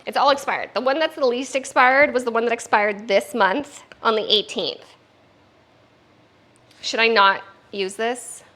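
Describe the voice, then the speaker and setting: A woman's voice: fairly high pitch, fairly even intonation, measured pace, pushed and bright, low-quality recording. A woman streamer chatting casually, swearing now and then and talking to her puppy. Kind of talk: casual live-stream chat.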